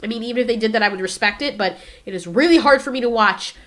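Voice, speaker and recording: A woman's voice: a little high, fast talker. A woman hosting a casual, opinionated film discussion, acting out scenes as she goes. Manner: opinionated, animated, acts out dinosaur lines. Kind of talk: casual commentary.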